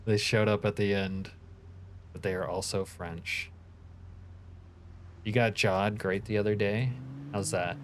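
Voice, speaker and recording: A man's voice: lowish voice, fairly even intonation, measured pace, long pauses, a little hiss or hum. Laid-back man streaming a game. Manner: laid-back, joking, reads chat comments aloud. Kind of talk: casual live-stream commentary.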